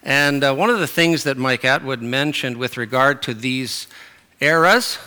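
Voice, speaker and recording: A middle-aged man delivers a sermon in a loose, conversational way, often pausing on fillers and restarting his sentences. His voice is bright, and his pitch sits in an ordinary middle range. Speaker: preacher.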